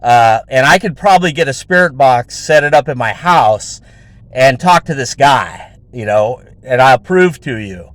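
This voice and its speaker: A man's voice: medium pitch, expressive, unhurried, dry recording. A man hosting his own show, telling a story in a rambling, casual way with heavy swearing and lots of fillers. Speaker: show host.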